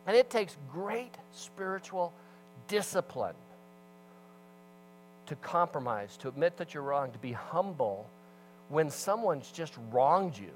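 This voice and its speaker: A man preaching a sermon as pastor, telling a story with animated swings between loud emphasis and hushed asides. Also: a little high, slow, long pauses, slight background noise, rough recording.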